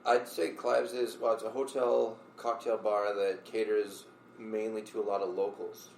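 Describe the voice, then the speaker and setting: A low-voiced man from Saskatoon, Canada, talks easily as a guest on a podcast, with a gravelly edge. He sounds agreeable and relaxed. The room is echoey, with faint noise behind him. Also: unhurried. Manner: easygoing, agreeable. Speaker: head bartender, guest. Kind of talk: casual interview chat.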